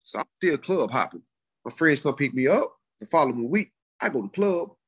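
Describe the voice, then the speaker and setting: A middle-aged man, telling his life story in a casual, animated way. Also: fairly quick, husky. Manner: animated, acts out quoted voices in high pitch. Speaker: guest sharing his testimony. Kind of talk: conversational storytelling.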